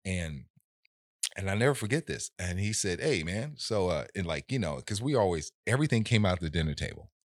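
A man in casual conversation, telling a story in an animated way and acting out the voices of people in it. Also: sits low, brisk, no room sound, clean studio sound.

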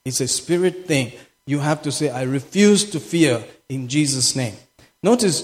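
A man's voice: fairly high pitch, darkish tone. A man preaching a sermon as pastor, impassioned and repeating phrases for emphasis. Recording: echoey hall with long reverb.

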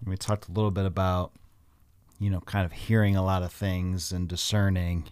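A man co-hosting a church podcast, asking questions in a thoughtful, measured way. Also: deep voice, flat delivery, a little mellow, smooth. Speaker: pastor, podcast co-host. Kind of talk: conversational church podcast discussion.

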